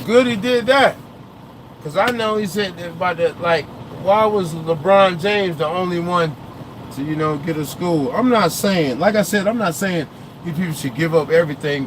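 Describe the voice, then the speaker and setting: A man's voice: a little high, noisy background. A young man, a trucker vlogger, chats casually from inside his truck cab, answering viewer comments in a rambling, opinionated way and sometimes losing his train of thought.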